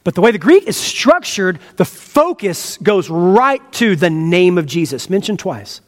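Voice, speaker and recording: A man's voice: high-pitched, big pitch swings, a little slow, in a large hall. A man pastor preaching an expository sermon, earnest and teacherly, with emphatic stresses and asides to the congregation.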